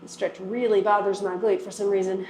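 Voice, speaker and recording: A woman's voice: mid-range voice, little pitch movement, brisk, a little mellow, echoey room, a little hiss or hum. A woman fitness instructor guiding a workout and stretch, coaching and encouraging as she goes. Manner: encouraging, coaching through moves.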